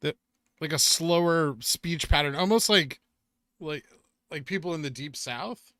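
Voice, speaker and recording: On a live stream, a Southern Californian man reads chat comments aloud and chats back, using "like" often. His voice is on the high side, a little slow, bright and forceful, with a dry, clean studio recording.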